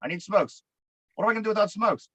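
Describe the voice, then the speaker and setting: Brief: Pittsburgh guy, fairly high voice, swearing and exasperated, on a dry, dull lo-fi mic. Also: animated, quick pace, a bit bright, no room sound. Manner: profane, exasperated, rambling with restarts. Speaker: podcast co-host. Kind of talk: casual storytelling.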